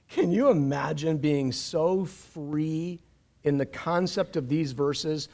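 Animated high-voiced male pastor preaching. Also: slow. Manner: animated, jokey asides, repeats words. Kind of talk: live-streamed sermon. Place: church stage.

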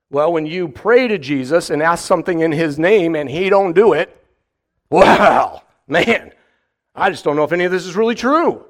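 Man, sermon, lively swooping delivery, slightly high voice, mock voices. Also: normal speed. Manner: animated, mock voices and rhetorical questions. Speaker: preacher.

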